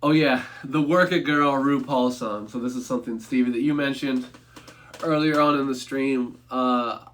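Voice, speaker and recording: A man's voice: medium pitch, steady tone, moderate pace, a bit bright. Young male streamer, casual chatty film reviewer, mid-range voice, loose and rambling. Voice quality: rambling, self-correcting, offhand humor. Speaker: movie reviewer. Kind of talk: casual livestream review chat.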